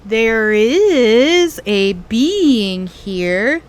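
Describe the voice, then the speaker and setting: A woman voicing a slow, solemn tree spirit. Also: a little high, lively intonation. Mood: ominous. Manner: slow, drawn-out, ominous delivery.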